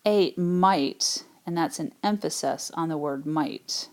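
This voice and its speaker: A woman with a lowish voice walks students through a math lesson. She explains casually, thinking aloud with small fillers, as if recording over a tablet whiteboard. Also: normal speed, a little mellow. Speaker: math teacher. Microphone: tablet microphone.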